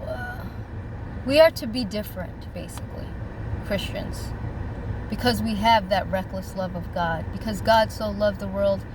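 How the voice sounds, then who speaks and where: A woman vlogging casually about her faith, rambling and heartfelt, speaking straight to her viewers from a parked car outdoors. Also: on the high side. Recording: outdoor traffic noise. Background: car and street noise.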